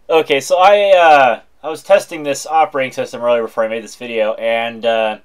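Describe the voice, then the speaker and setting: A man narrating a screen-recorded software walkthrough in a chatty, informal way with wry asides. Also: mid-range voice. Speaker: tech video host.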